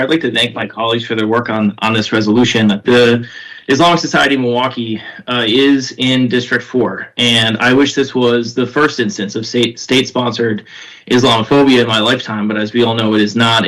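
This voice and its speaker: A man, a county supervisor, making earnest, deliberate remarks in a committee meeting. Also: mid-range voice, steady tone, a bit bright, low-quality recording. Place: county committee hearing room.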